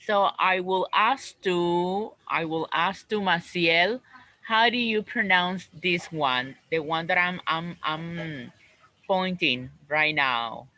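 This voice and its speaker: A man teaching an English class over a video call, slowly repeating words and phrases for his students. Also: sits high, sharp tone, no echo, poor audio.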